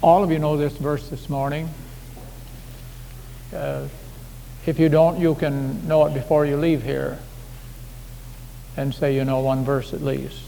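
A man's voice: on the high side, level tone, unhurried, creaky, pauses often, dark tone. A man preaching a sermon as pastor, in a folksy, conversational way full of homely anecdotes, recorded in a church sanctuary. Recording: echoey hall with faint background hiss.

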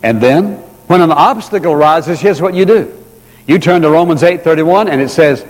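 Earnest preacher in a reverberant hall. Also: male voice, fairly high pitch. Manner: earnest, slows down and repeats key phrases for emphasis. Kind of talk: sermon. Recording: long reverb of a large hall.

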